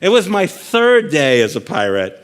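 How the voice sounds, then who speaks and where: A man's voice: a little high, huge pitch swings, normal speed, smooth, voice pushed up. A man voicing an old pirate in a bar, telling his tale matter-of-factly in his own plain voice without any pirate accent. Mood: deadpan boasting. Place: conference stage.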